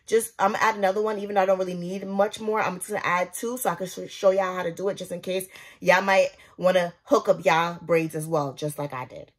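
A woman's voice: lowish voice, steady tone, fairly quick. A young woman vlogging casually at home as she does her hair, chatting to her viewers in a slangy, direct way while filming on a propped-up phone. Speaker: beauty vlogger. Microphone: phone propped up nearby.

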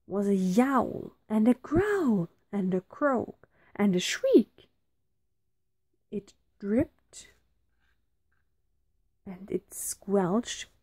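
A woman teacher reading a children's storybook aloud, slow and very expressive. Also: mid-range voice, dry recording.

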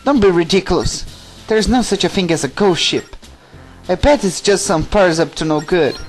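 A bossy young pirate captain, voiced by a man lifted higher than his own talk. She is commanding and impatient, brushing off silly fears. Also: moderate pace, faint music behind, natural voice. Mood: dismissive.

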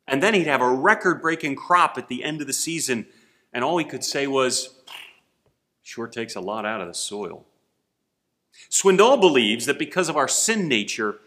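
A man's voice: medium pitch, a bit bright. A man pastor giving an online sermon, telling folksy jokes and asking rhetorical questions. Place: church.

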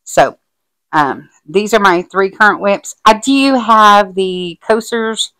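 A woman vlogging casually about her diamond painting progress, gushing and excited, with many ums and likes. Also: medium pitch, takes it slowly, rough recording. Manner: gushing, excitable, lots of fillers. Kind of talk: casual show-and-tell vlog.

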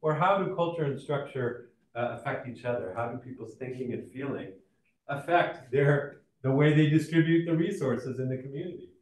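A man lecturing on sociology in a relaxed, conversational way, with frequent fillers and restarts. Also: medium pitch, normal speed. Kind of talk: recorded college lecture. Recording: echoey room, mic at a distance.

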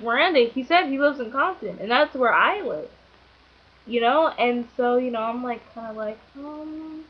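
A young woman chats on in a rambling, giggly way, full of "like" and "you know," her voice sitting a little high. The sound is dull and lo-fi, as from an old webcam mic. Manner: rambling, filler-heavy, giggly. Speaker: vlogger. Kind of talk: casual storytelling.

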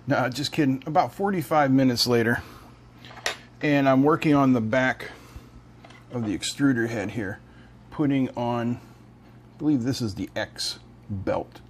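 A man's voice: medium pitch, unhurried, a little hiss or hum. A man hosting a hobby channel, talking casually through a build while joking and thinking aloud. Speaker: electronics hobby channel host.

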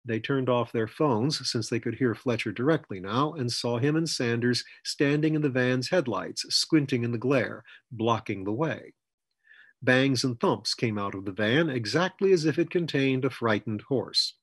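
A man narrating his story in a steady, even audiobook reading. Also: medium pitch, unhurried, breathy edge, no echo.

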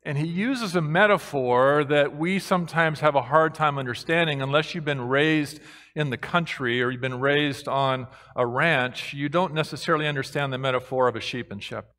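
A man preaching a sermon as a pastor, moving between hushed reflection and excited proclamation. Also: on the high side, moderate pace. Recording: long hall reverb.

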